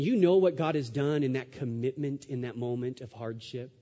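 A man's voice: medium pitch, moderate pace, hardly any pauses, dark tone. A man preaching a sermon as pastor, emphatic, with rhetorical questions and repeated phrases. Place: church sanctuary. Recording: dull sound with long hall reverb.

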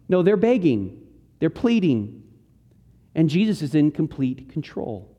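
A man's voice: high-pitched, lively intonation, normal speed, warm tone, in a large hall. A man preaching an earnest, emphatic sermon, working through scripture verse by verse. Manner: earnest, emphatic preaching with rising and falling intensity. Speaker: pastor. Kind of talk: expository sermon.

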